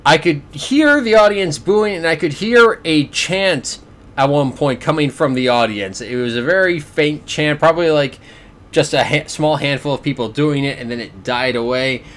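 A man's voice: fairly high pitch, moderate pace, fairly bright tone. A Canadian man hosting a podcast, reviewing fights in a sarcastic, exasperated way and often stammering over repeated words. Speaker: podcast host. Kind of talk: casual boxing review.

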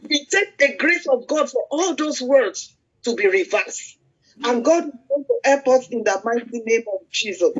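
A woman's voice: a little high, expressive, slightly rough. An older woman, preaching in a conversational way and leading prayer, telling stories with many fillers and restarts. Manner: storytelling, halting with fillers and restarts. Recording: muffled lo-fi recording.

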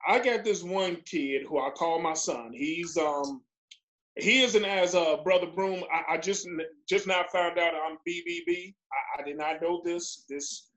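A man talking casually on a panel about young men he mentors, relaxed and chatty with small hesitations. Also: on the high side, unhurried, poor audio. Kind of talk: casual conversation.

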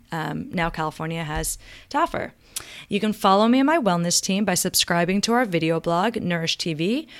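A woman's voice: mid-range voice, fairly bright tone. A woman hosting a podcast, enthusiastic and laughing often in casual conversation. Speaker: podcast host, naturopathic doctor. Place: medical center room.

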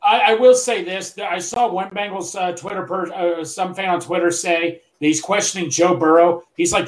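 A man's voice: high voice, fairly even intonation, moderate pace, hardly any pauses. A man co-hosting a sports podcast, reading out news with hesitant fillers. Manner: hesitant, reads out news and posts. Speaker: podcast co-host. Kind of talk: casual sports podcast chat. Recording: echoey room.

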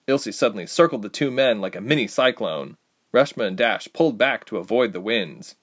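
Guy reading a fantasy audiobook, deep voice, super animated. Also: brisk, slightly rough. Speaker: audiobook narrator. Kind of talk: scripted narration.

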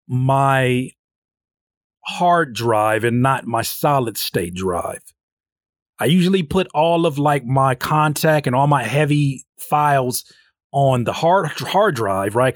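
A man in his thirties hosting a casual solo podcast and telling a story with energy, often jumping into a high voice when he quotes himself. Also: no echo, studio quality. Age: 30s. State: sleep-deprived. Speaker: podcast host.

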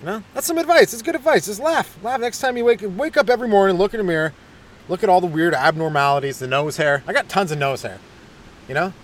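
Rambling hyperactive comedian. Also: male voice, high-pitched, animated, fast. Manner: rambling, self-deprecating, hyperactive. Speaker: stand-up comedian and podcast host. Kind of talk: stand-up style comic monologue.

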